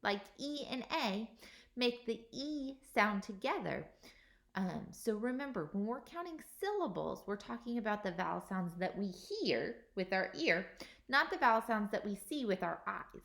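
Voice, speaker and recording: A woman teacher giving a recorded workbook lesson to young children, slow and patient, sounding out each vowel. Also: medium pitch, big pitch swings, creaky, fairly bright tone.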